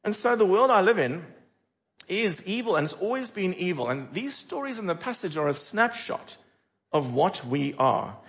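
A man's voice: high-pitched, normal speed, dull audio. Middle-aged male pastor preaching animatedly. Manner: animated, with dramatic rhetorical questions. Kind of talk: sermon.

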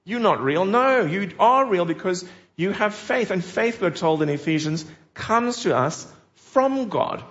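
A man's voice: sits high, animated, measured pace, a bit bright. A man preaching a sermon in an earnest, emphatic way, putting direct questions to his listeners. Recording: dull lo-fi recording.

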